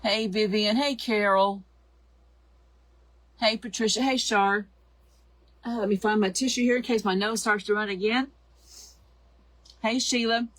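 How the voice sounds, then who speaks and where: A hoarse middle-aged woman hosts a live craft tutorial, chatting and greeting viewers by name. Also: medium pitch, steady tone, unhurried, pauses often, no echo. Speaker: craft show host.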